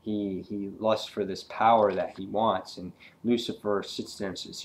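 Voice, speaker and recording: A man's voice: lowish voice, flat delivery, measured pace. A man casually reviewing an old comic book, hesitant and full of ums.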